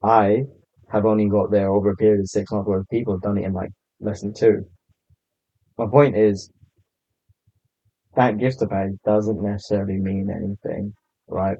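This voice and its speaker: Laid-back low-voiced man, muffled. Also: level tone, normal speed, no echo. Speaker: podcast guest, content creator. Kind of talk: casual podcast chat. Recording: slightly muffled lo-fi sound.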